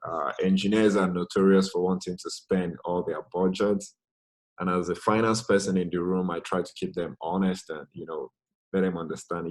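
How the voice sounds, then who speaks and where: Deep-voiced Nigerian-born finance speaker, relaxed and conversational. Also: male voice, moderate pace, rough recording. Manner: relaxed, conversational, frequent "you know". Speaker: guest speaker, finance project manager. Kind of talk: presentation over video call.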